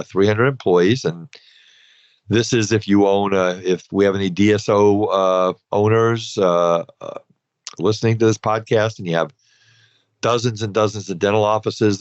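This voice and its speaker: Low-voiced man hosting a finance podcast. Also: dry recording. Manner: conversational, advisory, loose with asides. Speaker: podcast host, dental finance advisor. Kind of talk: podcast explainer. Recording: dull, dry podcast recording.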